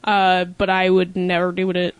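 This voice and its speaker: A woman's voice: lowish voice, completely flat delivery, moderate pace, clear, resonant tone, dry recording. A woman in her twenties co-hosting a podcast, telling stories in a rambling way with many fillers. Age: 20s. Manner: rambling, filler-heavy storytelling. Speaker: podcast co-host. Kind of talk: casual podcast chat.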